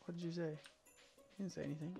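A man streaming a farming game and chatting casually with a friend, excitable and quick to exclaim, sounding tired. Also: a little high, vocal fry, faint music behind. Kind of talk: casual gaming chat.

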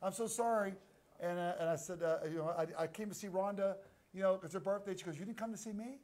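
A man hosting a talk show, enthusiastic and halting with many restarts. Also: high voice, fairly even intonation, a little mellow, a little hiss or hum. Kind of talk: casual chat.

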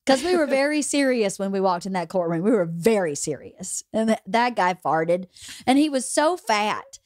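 A woman's voice: mid-range voice, sing-song, normal speed, a little mellow, no room sound. Chatty woman podcast host, dry sound. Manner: candid, chatty storyteller. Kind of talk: casual anecdote telling.

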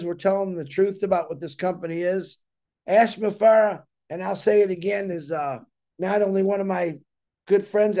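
Male host, high for a man, earnest and rambling, casual talk-show delivery. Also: dark tone. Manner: rambling, earnest, repeats himself.

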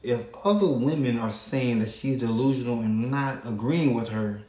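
A man hosting his own channel, giving reaction commentary in a drawn-out way with frequent pauses. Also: medium pitch, a little mellow, reverberant. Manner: slow, drawn-out, pausing often. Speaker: channel host.

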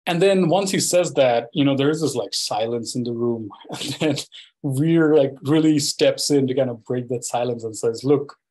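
A man's voice: medium pitch, moderate pace, darkish tone, rough recording. A man giving a university lecture, telling a field anecdote in a loose, conversational way full of "you know" and "right?". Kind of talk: storytelling academic lecture.

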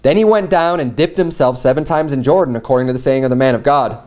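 A man preaching a sermon, reading scripture aloud and acting out the people in the story with lively, animated delivery. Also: medium pitch, quick pace. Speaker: pastor.

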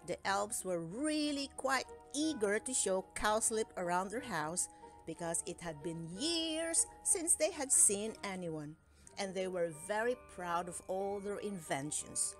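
A woman narrates a children's storybook for reading aloud. Her delivery is slow and deliberate, with a lively, rising and falling pitch. Faint music plays quietly underneath. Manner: slow, expressive. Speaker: storybook reader.

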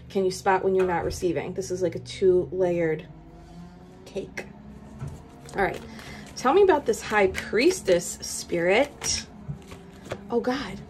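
Female tarot reader, casual and animated, direct to camera, mid-pitched. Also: slight background noise. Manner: animated, chatty, laughs often, talks straight to viewers.

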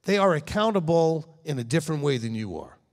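Animated man preaching in a reverberant hall. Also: on the high side, brisk. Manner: animated, emphatic, speaks directly to listeners with frequent "okay?". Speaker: rabbi and founder of the congregation. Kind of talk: conversational sermon.

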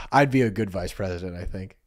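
A man's voice: sits low, dry recording, clean studio sound. A man co-hosting a casual podcast, rambling in loose chatty sentences. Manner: rambling, lots of "like" fillers. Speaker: podcast co-host. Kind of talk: casual chat.

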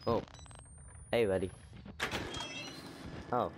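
Casting: man with a slightly low voice, sarcastic gameplay commentary. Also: unhurried, background noise. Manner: jokey, crude, sarcastic asides. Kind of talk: casual let's-play commentary.

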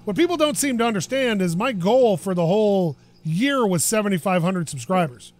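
A man's voice: high voice, lively intonation, moderate pace, no echo. A man chatting casually while playing a car game, rambling and self-deprecating, his voice a bit worn. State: losing his voice. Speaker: gaming YouTuber. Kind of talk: casual gameplay commentary. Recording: noisy game audio behind voice. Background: car engine and game ambience.

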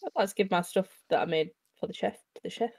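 A woman's voice: fairly low pitch, quick pace, gravelly, darkish tone, husky, dry recording. A woman playing in a tabletop game who chats casually and laughs often. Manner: giggly, chatty. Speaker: player.

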